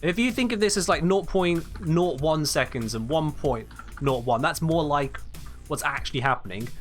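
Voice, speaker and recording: A man's voice: a little high, lively intonation, moderate pace, faint music behind. A young man explaining game mechanics on a live stream, emphatic and blunt when he answers chat.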